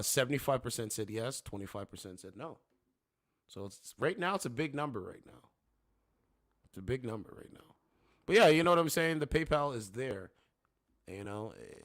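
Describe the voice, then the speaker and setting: A man's voice: medium pitch, no room sound. A man hosting a casual livestream from his home studio, rambling and repeating "you know what I'm saying". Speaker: livestream host. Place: home studio with two monitors.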